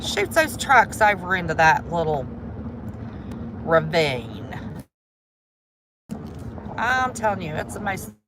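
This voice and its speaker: A West Virginian woman vlogger with a fairly low, very animated voice speaks slowly and pauses often while live-streaming from her car on a mountain drive. She gives folksy, casual commentary, calls her viewers "y'all," and holds her phone as she drives, with a noisy background.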